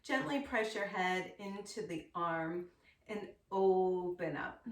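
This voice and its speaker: A woman teaching a yoga class, calmly and slowly cueing poses and breaths. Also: on the low side, recorded from a distance. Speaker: yoga instructor. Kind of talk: guided yoga class instruction. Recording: echoey room, voice set back from the mic.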